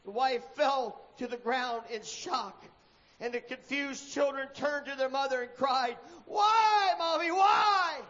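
A man's voice: very high voice, fairly even intonation, unhurried. A man preaching a sermon, telling a story dramatically and acting out the characters' cries. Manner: dramatic, acts out shouted lines. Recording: dull echoey hall recording.

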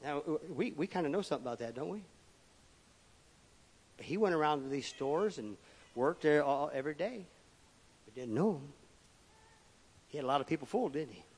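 A man, preaching a sermon as pastor, emphatic and swinging between loud declarations and quiet asides. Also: on the high side, expressive, fairly quick, long pauses, slightly rough. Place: church sanctuary. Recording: long reverb of a church hall.

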